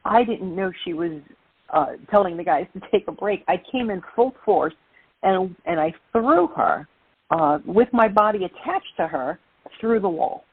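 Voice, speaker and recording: Animated woman telling stories over a tinny line. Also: fairly low pitch, measured pace, slightly rough. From Brooklyn, New York. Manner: lively, animated storyteller. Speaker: guest. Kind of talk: interview storytelling.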